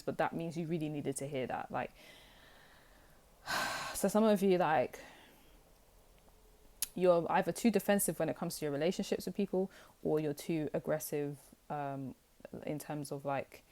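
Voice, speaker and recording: Young woman, tarot reader, casual and blunt, lowish mellow voice. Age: young adult. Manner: blunt, teasing, lots of "like" fillers. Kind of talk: casual tarot reading to camera.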